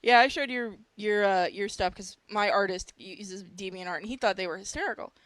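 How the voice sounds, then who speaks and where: Woman host, mid pitch, blunt crude banter, dry close recording. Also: fairly quick, fairly bright tone, no room sound. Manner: blunt, crude, laughing asides. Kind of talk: casual podcast chat.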